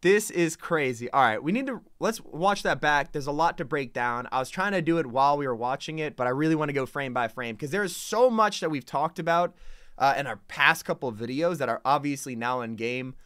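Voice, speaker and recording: Excitable, bright-voiced male gaming streamer. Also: a little high, fairly quick, clean tone, no room sound, clean studio sound. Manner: excitable, chatty, addresses chat. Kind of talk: live reaction commentary.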